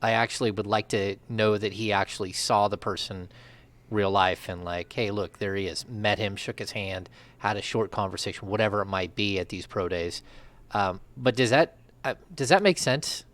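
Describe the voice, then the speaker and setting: A man's voice: lowish voice, normal speed, fairly bright tone. A man, a sports reporter co-hosting a podcast, chatty and reasoning aloud. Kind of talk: casual sports chat.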